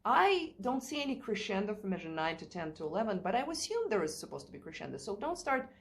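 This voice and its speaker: A woman's voice: mid-range voice, very animated, fast. A woman teaching a play-along piano lesson in a chatty way, thinking aloud and singing rhythms. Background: piano playing.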